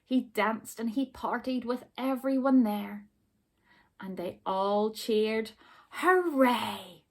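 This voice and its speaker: A woman teacher reading a rhyming picture book aloud to children, expressive and stopping to ask about the rhymes. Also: on the high side, slow. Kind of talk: storybook read-aloud for children.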